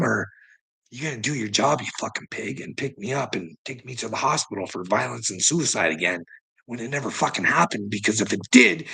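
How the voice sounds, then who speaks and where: A man with a gravelly voice in an angry, profane rant, laughing between lines and tagging sentences with "eh" and "you know what I mean". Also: mid-range voice, bright, forceful tone. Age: adult, father of grown sons. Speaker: vlogger ranting to camera.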